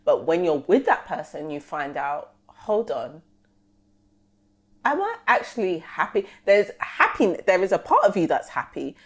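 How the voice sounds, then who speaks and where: A young woman, co-hosting a casual podcast chat, animated and slangy, acting out conversations. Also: low-pitched. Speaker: podcast co-host.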